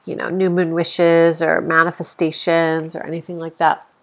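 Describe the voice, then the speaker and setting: Her voice low and monotone, a woman with a stuffy nose hosts a relaxed spiritual podcast from home, talking at a normal speed. She's a yoga teacher, and despite the flat delivery she comes across as enthusiastic and easygoing, dropping in fillers and soft laughs.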